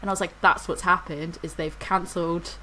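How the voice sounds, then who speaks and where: A woman's voice: lowish voice, flat delivery, fairly quick, bright, forceful tone, a little hiss or hum, rough recording. A woman, co-hosting a podcast and telling a rambling story in casual chat. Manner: rambling storyteller, laughs through anecdotes. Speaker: podcast co-host.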